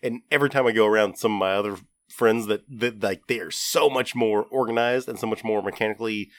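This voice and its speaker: A man's voice: on the low side, fast, dry recording, clean studio sound. A man co-hosting a podcast in casual chat, rambling and self-deprecating, often restarting his sentences. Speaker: podcast co-host.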